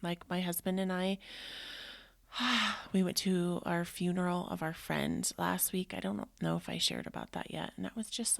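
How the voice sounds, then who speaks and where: A woman in her thirties hosts a personal podcast and talks in a heartfelt, rambling way full of fillers. Her voice sits fairly low with a gravelly edge. The recording is close and dry, with no room sound. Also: no room sound. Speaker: podcast host. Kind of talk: casual personal podcast monologue.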